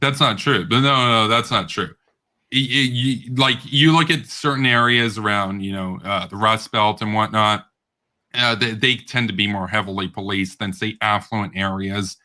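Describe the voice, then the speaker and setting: Man, bright voice, combative, interrupting, heated debate host. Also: on the low side, normal speed. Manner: combative, interrupting, laughing scornfully.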